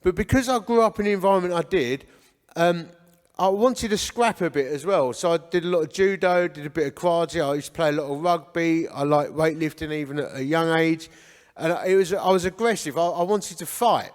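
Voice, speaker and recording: A man's voice: on the high side, brisk, in a large hall. Essex man giving his life testimony. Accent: Essex English. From Essex, England. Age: 40s. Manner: storytelling, conversational and earnest. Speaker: men's ministry founder speaking at church breakfast. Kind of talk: testimony talk. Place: church hall.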